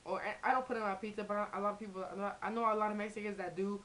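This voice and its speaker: Young woman, vlogger, casual rant, profane, rambling, mid-pitched, faint hiss. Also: level tone, rapid-fire, fairly bright tone, low-quality recording. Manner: profane, rambling with many restarts. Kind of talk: casual comedic vlog rant.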